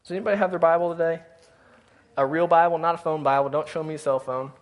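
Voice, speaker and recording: A man's voice: a little high, fairly even intonation, fast. A male pastor preaching a sermon in a church, earnestly speaking to his congregation and reading scripture aloud. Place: church sanctuary.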